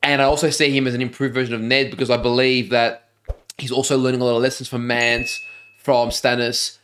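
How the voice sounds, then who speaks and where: A man's voice: medium pitch, brisk, slight background noise. Enthusiastic Australian man in casual chat. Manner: animated, enthusiastic, says "dude" often. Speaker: reaction channel co-host.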